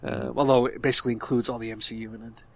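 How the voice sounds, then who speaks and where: A man's voice: mid-range voice, little pitch movement, very fast, bright, forceful tone. A man talking casually about a movie he reviews with friends, hesitant and repeating words as he thinks. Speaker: podcast co-host.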